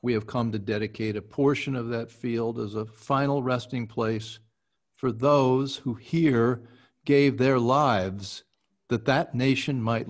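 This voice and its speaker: A man speaking at a very unhurried pace, giving a measured, deliberate recitation of a historic speech. Between passages he talks in a halting, casual way, restarting his sentences as he chats with his voice coach. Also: mid-range voice. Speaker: podcast host.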